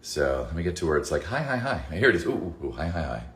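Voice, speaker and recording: A man's voice: low-pitched, very animated, quick pace, a bit bright. A man hosting a casual livestream Q&A, reading fan messages aloud and rambling with plenty of swearing. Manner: rambling, profane, reads chat messages aloud. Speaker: voice actor answering fan questions. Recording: roomy echo, faint music.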